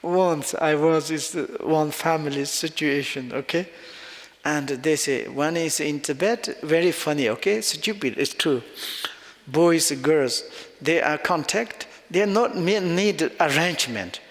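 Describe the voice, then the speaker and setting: Slow-talking teacher in a reverberant hall. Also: male voice, a little high. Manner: halting non-native English, loose phrasing; chuckles often while explaining. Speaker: Buddhist teacher. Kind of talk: dharma teaching. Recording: long reverb of a large hall.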